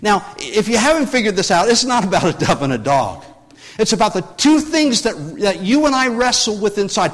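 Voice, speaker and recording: High lively male preacher in a reverberant hall. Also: normal speed. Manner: rambling storytelling with many restarts, rising in force when preaching. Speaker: pastor. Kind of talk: sermon.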